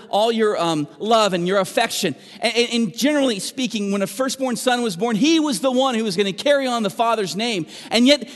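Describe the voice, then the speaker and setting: A man preaching a sermon as pastor, moving between emphatic and hushed delivery. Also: extremely high pitch, a little fast, hardly any pauses, long reverb tail.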